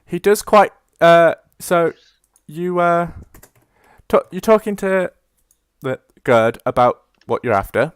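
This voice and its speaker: A man's voice: fairly high pitch, expressive, clear, resonant tone, no echo, clean studio sound. A man, narrating a tabletop game as game master, stopping and restarting often. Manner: halting, many fillers and restarts.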